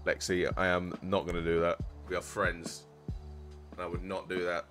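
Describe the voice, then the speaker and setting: A man's voice: low-pitched, flat delivery, moderate pace, over music. A young man chatting casually with his live-stream viewers while gaming, joking around and using slang. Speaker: game streamer.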